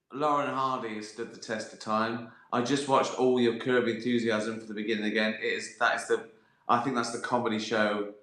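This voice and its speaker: Man, unhurried, hesitant fillers, live chat in an echoey room. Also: mid-range voice, a bit bright. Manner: hesitant, frequent fillers and restarts, swears casually, chuckles. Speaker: livestream host answering viewer questions. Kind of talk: rambling casual chat. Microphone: phone or laptop livestream. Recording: roomy echoey sound.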